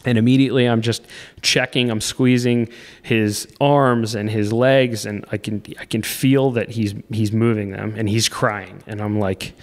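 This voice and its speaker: Man, 30s, podcast guest, halting and intense, mid-pitched, long reverb on the recording. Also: steady tone. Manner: halting, restarts phrases, intense. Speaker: podcast guest, off-road racer. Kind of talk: emotional personal storytelling.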